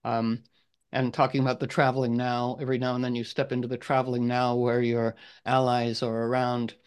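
A man leading a casual group video call, rambling with many restarts and frequent throat clearing. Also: mid-range voice. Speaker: group leader.

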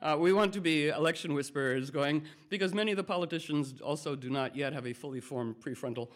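A man giving a rambling, playful talk to a group as a spiritual teacher, drifting between ideas and acting out quotes in lively voices. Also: on the high side, fast, a little hiss or hum.

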